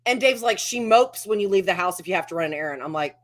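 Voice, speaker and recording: Woman on a video call, chatty, mid pitch, acts out quotes. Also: animated, quick pace. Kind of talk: casual chat.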